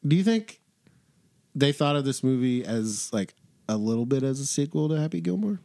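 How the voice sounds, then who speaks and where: A man's voice: mid-range voice, sing-song, dark tone, no room sound, clean studio sound. A man co-hosting a podcast, chatting casually about a movie, teasing his co-host and laughing often. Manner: joking, laughs often, quick teasing questions. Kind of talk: casual movie-review chat.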